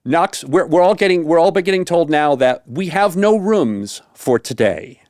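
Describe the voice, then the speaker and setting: A saxophone tutor casually tells a story in an animated way, using many fillers and acting out the quotes. His fairly high voice is unhurried, captured in a dry, studio-quality recording.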